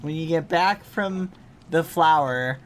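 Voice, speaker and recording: A man's voice: on the high side, takes it slowly, a little hiss or hum. A man streaming a video game, chatting playfully with his viewers and breaking into sudden gushing squeals. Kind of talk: live game stream chat.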